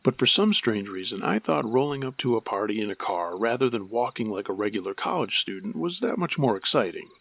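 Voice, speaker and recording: A man narrating a true scary story in the first person, his reading measured and steady. His voice is gravelly with a worn, husky edge at a middling pitch. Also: no echo. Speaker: storyteller and host.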